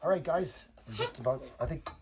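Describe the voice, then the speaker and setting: A man's voice: a little high, lively intonation, brisk. An older man, a grandfather, patiently teaching a child to cook step by step and joking along the way in a home kitchen. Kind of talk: home cooking lesson. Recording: loud background noise, chopping.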